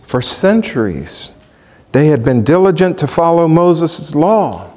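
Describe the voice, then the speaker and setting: Animated male preacher in a reverberant hall. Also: fairly high pitch, slow. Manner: animated, rhetorical questions to the congregation. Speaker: pastor. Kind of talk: Bible teaching sermon.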